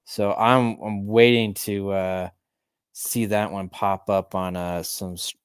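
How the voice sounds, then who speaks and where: A man's voice: lowish voice, little pitch movement, slow, smooth, no echo, clean studio sound. A man co-hosting a podcast, talking in a laid-back, hesitant way with short replies. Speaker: podcast co-host. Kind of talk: casual podcast chat.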